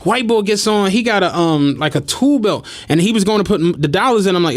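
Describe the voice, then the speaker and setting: A man hosting a podcast, telling stories in casual chat, animated and often laughing as he acts out what people said. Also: a little high, fairly quick, few pauses. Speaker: podcast host. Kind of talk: casual storytelling.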